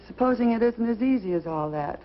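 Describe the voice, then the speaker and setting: A woman's voice: on the high side, expressive, fairly quick, slight background noise, close to an everyday voice. An actress in a 1950s sitcom playing a scatterbrained, scheming wife who chatters when she is flustered. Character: scatterbrained wife of a judge, adult woman. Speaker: sitcom lead. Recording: dull old TV soundtrack, audience murmur.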